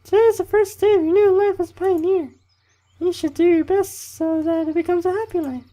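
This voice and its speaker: A man reading the lines of a bossy, cheerful female camp leader in a strained falsetto, lecturing. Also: steady tone, brisk, mellow. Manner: lecturing, preachy.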